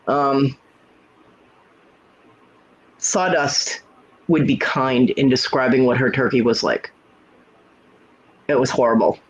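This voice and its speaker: A man's voice: a little high, fairly even intonation, slow, pauses often, low-quality recording. A man hosting a casual livestream chat from home, telling blunt, profane stories. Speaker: livestream host.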